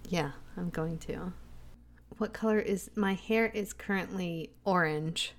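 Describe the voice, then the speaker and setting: A woman playing a tabletop role-playing game, talking casually in and out of character with playful, halting restarts. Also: lowish voice. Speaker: player.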